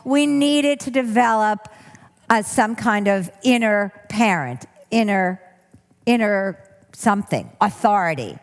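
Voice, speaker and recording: Woman workshop teacher, mid-pitched and earnest, repeats for emphasis, long hall reverb. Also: lively intonation, slow pace. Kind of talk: talk to an audience.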